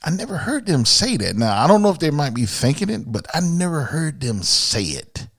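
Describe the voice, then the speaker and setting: A man's voice: fairly high pitch, sing-song, moderate pace, fairly bright tone, slightly rough, dry recording, clean studio sound. A man from Miami hosting a podcast, ranting bluntly and profanely in an opinionated solo monologue. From Miami, USA. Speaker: podcast host.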